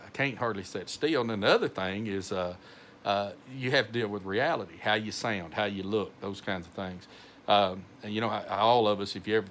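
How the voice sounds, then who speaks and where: A middle-aged man with a heavy North Texas accent, speaking slowly as a pastor in an informal devotional talk, rambling with many fillers and restarts. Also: on the low side, a bit bright, a little hiss or hum.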